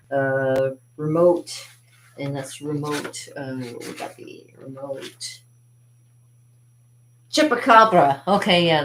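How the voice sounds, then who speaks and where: A woman with a low voice hosts a casual cartooning tutorial. She talks in a chatty, rambling way and laughs often as she walks through her drawings. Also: rough recording. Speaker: cartooning channel host.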